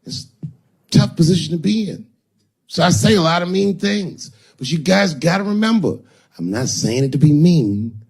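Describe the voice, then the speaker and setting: A man's voice: fairly high pitch, animated, normal speed, vocal fry, darkish tone, slightly rough. A man doing stand-up comedy who tells stories conversationally and acts out the other people in them. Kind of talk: stand-up storytelling. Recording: roomy venue with long reverb and noise.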